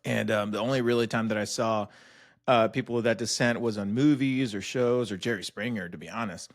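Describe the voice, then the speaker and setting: A man hosting a podcast, swearing freely and animated, acting out voices when he tells a story. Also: fairly low pitch, fairly quick. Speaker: podcast host. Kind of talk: casual interview chat.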